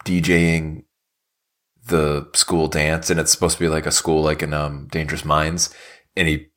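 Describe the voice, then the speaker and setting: A man's voice: very deep voice, flat delivery, normal speed, fairly bright tone. A man co-hosting a podcast, rambling casually with lots of fillers. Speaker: podcast co-host. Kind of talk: casual chat.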